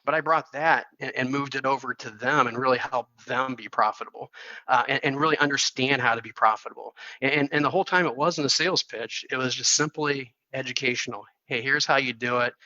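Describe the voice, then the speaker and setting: A man's voice: medium pitch, a little fast, no echo, highs cut off. A man, a firm's chief executive, telling a story as a podcast guest, with frequent restarts and repeated words. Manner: repeats words and restarts often, animated retelling. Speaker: podcast guest, accounting firm CEO. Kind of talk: storytelling in a casual interview.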